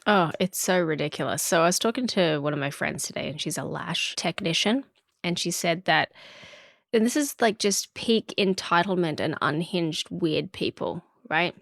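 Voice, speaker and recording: A woman's voice: fairly low pitch, normal speed, gravelly, dry recording, clean studio sound. A woman co-hosting a podcast, telling an outraged story in casual chat and acting out the people in it. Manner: animated, indignant storyteller who acts out quotes. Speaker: podcast co-host.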